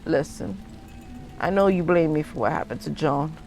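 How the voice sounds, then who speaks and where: A woman voicing a gruff, dismissive middle-aged husband who is a gambling novelist, pitched low and curt. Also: moderate pace, over music. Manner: dismissive, brushing off his wife.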